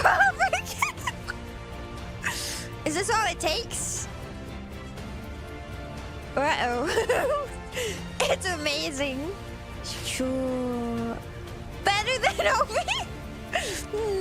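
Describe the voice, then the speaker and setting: A woman's voice: very high voice, huge pitch swings, extremely slow, long pauses. A woman streamer giggling through a casual reaction stream, sounding out place names as she goes. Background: background music.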